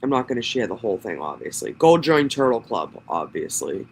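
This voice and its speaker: A man's voice: mid-range voice, sing-song, a little fast, creaky, slight background noise, low-quality recording. Profane, sarcastic man. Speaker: channel host. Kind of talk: reading a police report aloud with commentary.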